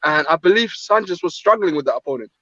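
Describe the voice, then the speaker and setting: A man's voice: a little high, expressive, quick pace, pushed and bright, no room sound. Man, boxing talk host, rambling delivery, muffled lo-fi, dry sound. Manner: rambling, many fillers and restarts. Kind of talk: casual panel chat.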